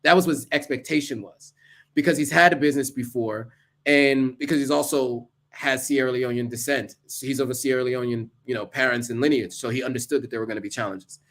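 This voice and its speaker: A man's voice: medium pitch, fairly even intonation, brisk, a bit bright. A man giving earnest, casual advice to camera, listing tips with asides along the way. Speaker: vlogger.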